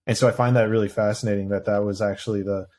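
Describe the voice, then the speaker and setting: A male podcast host with a lowish voice, speaking in a relaxed, reflective way. He thinks out loud, circling back as he shapes a question for his guest. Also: rapid-fire. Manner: reflective, thinks aloud with restarts and fillers. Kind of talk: casual interview chat.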